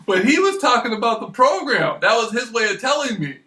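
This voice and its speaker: A man with a high, bright voice tells rambling, profane stories in a loose, casual monologue, laughing often as he goes. He sits well back from the mic in an echoey room. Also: expressive, fairly quick, distant mic. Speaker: vlogger.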